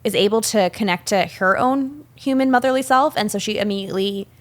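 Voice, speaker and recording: A woman's voice: medium pitch, a little fast. A woman co-hosting a podcast, casually discussing a film and recounting scenes, recorded on a microphone in a small room. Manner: animated, recounting scenes with quoted lines. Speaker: podcast co-host. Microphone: studio microphone.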